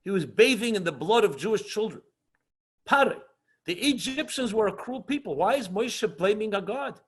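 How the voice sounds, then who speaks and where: Husky high-voiced rabbi teaching. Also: male voice, expressive, a bit bright. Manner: earnest, passionate, often slows for emphasis; mixes Hebrew and Yiddish terms into English. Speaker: rabbi teaching an online class. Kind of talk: lecture with questions and answers.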